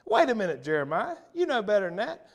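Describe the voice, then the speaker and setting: A man preaching a sermon as pastor in a church, emphatic and punchy, repeating key phrases and swinging between loud and soft. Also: high voice, huge pitch swings, quick pace. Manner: emphatic, punchy repetition, wide swings in loudness. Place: church sanctuary.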